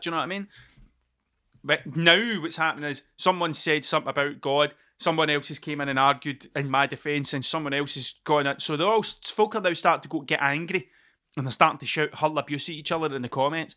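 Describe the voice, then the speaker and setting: A Scottish man hosts his own podcast in a casual solo monologue, rambling and swearing freely as he drifts between points. His voice is a little high, fast, and bright, with a forceful tone.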